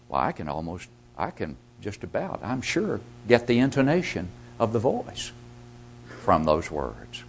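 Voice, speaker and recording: A man preaching a sermon, asking rhetorical questions and swinging from loud emphasis to hushed asides. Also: fairly high pitch.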